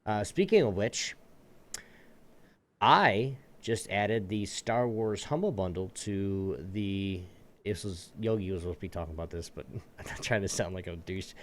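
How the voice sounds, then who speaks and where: Laid-back host guy with a lowish voice, reads off giveaway links. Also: animated, measured pace. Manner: easygoing, plugs links and giveaways. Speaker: podcast host. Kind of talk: casual chat, plugging giveaways.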